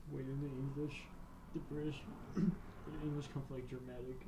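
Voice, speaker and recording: A man's voice: medium pitch, level tone, moderate pace, far from the mic. Giggly young man, noisy room. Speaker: podcast co-host. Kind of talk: casual stoner chat.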